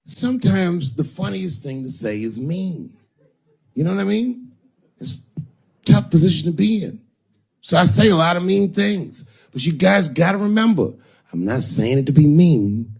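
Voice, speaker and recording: A man's voice: high-pitched, expressive, moderate pace, creaky, darkish tone, breathy edge. A man doing stand-up comedy, telling stories conversationally and acting out the people in them. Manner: conversational storytelling with acted-out quotes. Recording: reverberant hall with faint noise.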